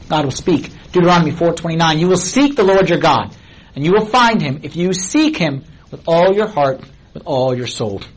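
A man's voice: a little high, breathy edge, rough recording. A middle-aged man preaching a sermon as a pastor, talking in a conversational way and asking many questions of his listeners.

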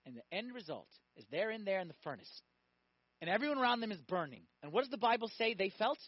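A man with a very high voice preaches a sermon, telling stories animatedly and firing questions at his listeners. The recording is dry and a little dull. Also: fast, no echo. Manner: animated storytelling, acting out voices, asks audience questions.

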